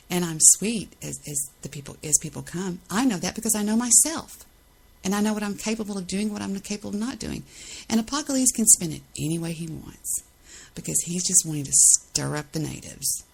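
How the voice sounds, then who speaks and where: Gravelly, indignant woman podcast host. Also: fairly low pitch, fairly quick, darkish tone, low-quality recording. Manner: indignant, defensive, repeats phrases for emphasis. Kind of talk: ranting monologue.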